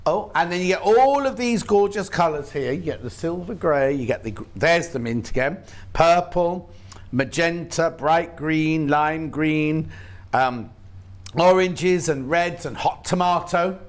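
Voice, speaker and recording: A British man presenting on a live shopping channel, chatting eagerly and listing products. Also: fairly high pitch. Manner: chatty, quick asides, lists products eagerly. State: has hiccups. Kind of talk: live TV sales chat.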